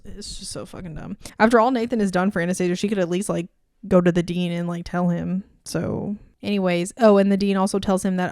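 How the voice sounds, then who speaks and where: Young woman, twenties, sarcastic, rambling book vlogger, smooth clear voice, dry close sound. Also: mid-range voice, fairly even intonation, fast, darkish tone, no room sound. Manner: sarcastic, rambling, swears freely. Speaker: book reviewer. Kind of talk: casual book review vlog.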